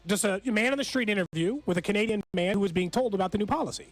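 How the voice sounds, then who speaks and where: A man's voice: high voice, racing. A man co-hosting a sports radio show, opinionated and thinking aloud as he talks. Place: radio studio. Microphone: studio microphone.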